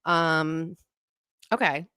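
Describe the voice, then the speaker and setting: A woman's voice: deep voice, fairly even intonation, very slow, sharp tone, smooth, dry recording. A woman hosting a livestream talk show, speaking in a reassuring, encouraging way.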